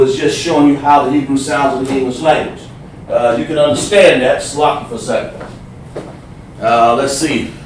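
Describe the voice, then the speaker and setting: A man's voice: fairly high pitch, far from the mic. Echoey man teaching a class. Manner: explains slowly, repeats himself, sounds out letters. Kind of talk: livestreamed class. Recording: echoey room, voice from off the mic, faint noise.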